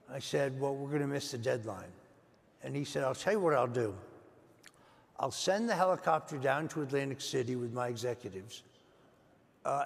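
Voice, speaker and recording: Older man with a gravelly voice, reverberant hall. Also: mid-range voice. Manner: measured anecdote with frequent "uh" fillers. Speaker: guest. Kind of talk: storytelling in an interview.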